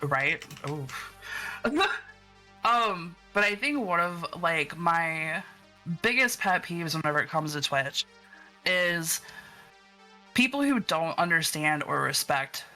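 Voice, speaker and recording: A streamer guest on a casual podcast, rambling through stories full of fillers, swear words and acted-out quotes. The voice has a sharp, forceful edge at a middle pitch, with faint music in the background. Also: animated, takes it slowly, long pauses. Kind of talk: casual chat.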